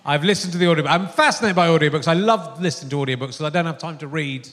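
Chatty guy hosting a live podcast, slightly high voice, laughs a lot, echoey theatre reverb. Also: very fast, a bit bright. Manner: chatty, laughs often, rambling restarts. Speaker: podcast host. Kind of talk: casual live podcast interview. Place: theatre stage before an audience.

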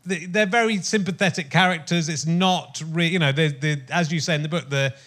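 A man's voice: a little high, brisk, fairly bright tone. A man in his fifties hosting a podcast conversation, earnest and reflective as he searches for his words. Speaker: podcast host. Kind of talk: casual conversation.

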